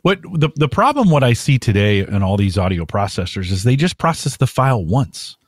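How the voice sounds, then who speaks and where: A man's voice: mid-range voice, sing-song, a little fast, no room sound, studio quality. A man co-hosting a casual podcast chat, thinking aloud and restarting his sentences as he muses. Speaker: podcast co-host.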